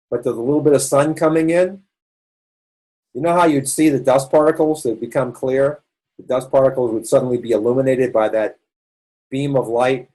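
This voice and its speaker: A man's voice: mid-range voice, mellow, rough recording. A man with a Boston accent giving a conversational health lecture, rambling and restarting as he explains. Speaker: doctor presenting a health session. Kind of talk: online presentation lecture.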